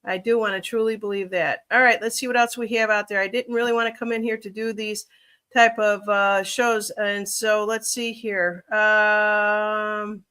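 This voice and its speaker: A woman's voice: mid-range voice, flat delivery, a little slow, sharp tone, clear, resonant tone. A woman from Chicago with a Chicago accent, chatting casually on a livestream as a reader, rambling and thinking aloud with many fillers.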